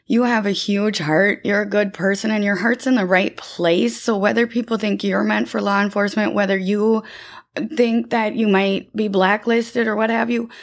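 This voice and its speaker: A woman's voice: mid-range voice, fairly even intonation, moderate pace. Affirming woman interviewer. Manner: warm and affirming, sums up the guest. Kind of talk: casual interview.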